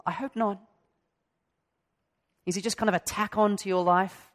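A man's voice: sits high, moderate pace, pauses often, fairly bright tone. A middle-aged male pastor preaching a sermon in an earnest way, asking his listeners many direct questions.

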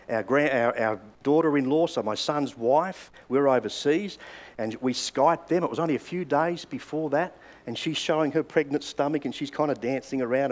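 An older Australian man preaching a sermon, telling stories in a conversational way with hesitant fillers. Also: mid-range voice. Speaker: pastor.

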